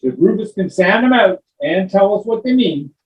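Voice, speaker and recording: A man's voice: high voice, animated, moderate pace. A man voicing a patient male dragon schoolteacher in a live children's puppet show, coaxing and teacherly. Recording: distant, roomy, dull live recording.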